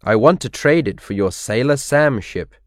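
A man's voice: mid-range voice, lively intonation, normal speed, no echo, clean studio sound, natural voice. A man voicing a blunt, tough young boy in a children's storybook reading.

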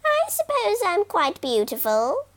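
A woman's voice: extremely high pitch, wildly swooping pitch, measured pace, pitched above the performer's own voice, full character voice. A woman doing a vain preening crow. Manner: preening and smug. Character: vain self-satisfied female crow.

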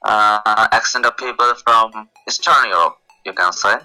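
A man from Bangladesh speaks as a guest over an online call, his pitch a little low and his tone very bright and forceful. He hesitates often as he speaks. The call audio is compressed, with faint music underneath. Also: moderate pace, low-quality recording. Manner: hesitant, many uh fillers. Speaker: guest, police officer. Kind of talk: casual interview over a video call. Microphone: internet call.

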